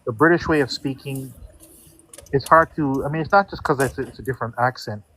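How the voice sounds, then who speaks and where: A man from India in a casual chat, speaking haltingly and repeating words while he searches for them. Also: mid-range voice, a crowd in the background.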